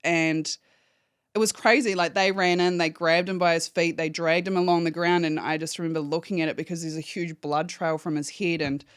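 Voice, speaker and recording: A woman's voice: lowish voice, steady tone, fairly quick, smooth, no room sound, clean studio sound. A woman, a podcast guest giving a candid, emotional personal account and swearing freely. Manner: candid, swears freely, acts out phone calls in quotes.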